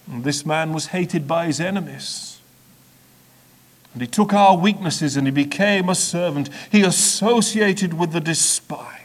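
Slow, high-voiced male preacher. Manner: dramatic, with sharp swings between soft and loud; measured, repetitive rhetorical build-up. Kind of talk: sermon.

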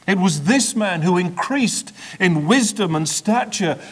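Slow, high-voiced male preacher. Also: lively intonation, slightly rough. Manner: dramatic, with sharp swings between soft and loud; measured, repetitive rhetorical build-up. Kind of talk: sermon.

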